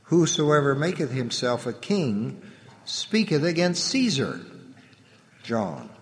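A man giving a solemn, measured scripture reading, letting his voice drop at the ends of phrases. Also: fairly high pitch, very animated. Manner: measured, reverent delivery with the voice dropping at phrase ends. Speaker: scripture reader. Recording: long hall reverb.

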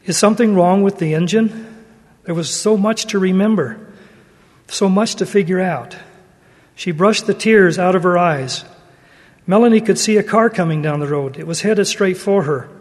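A man gives an earnest sermon, his voice notably high for a man and his delivery measured. Each phrase trails off into the long reverb of a large hall. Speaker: religious speaker. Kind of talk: sermon with read-aloud story.

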